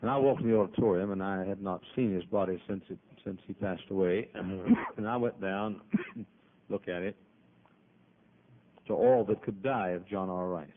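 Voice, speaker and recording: A man's voice: low-pitched, moderate pace. A man preaches a sermon over a PA microphone, talking in a folksy, emphatic way and stopping often to cough. The audio is narrow and tinny, like a phone line. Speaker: pastor. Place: church auditorium with PA system.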